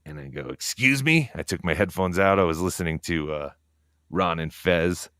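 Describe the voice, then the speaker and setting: Low-voiced man cursing on a livestream. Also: fairly even intonation, normal speed, no echo, clean studio sound. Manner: profane, rambling storytelling; talking quietly so as not to wake others. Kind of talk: casual livestream monologue. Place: home at night.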